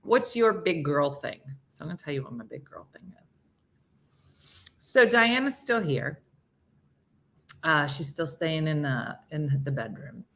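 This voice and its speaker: A woman's voice: low voice, very animated, unhurried, long pauses, fairly bright tone. A middle-aged woman hosting a casual morning show, reading viewer comments in a playful, laughing manner. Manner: playful, laughing, mimics pets' voices.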